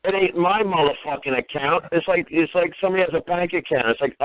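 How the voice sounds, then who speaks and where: A man's voice: fairly high pitch, fairly quick, no echo. A man hosting a call-in radio show, ranting in an exasperated, profane way. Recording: tinny phone-line radio audio.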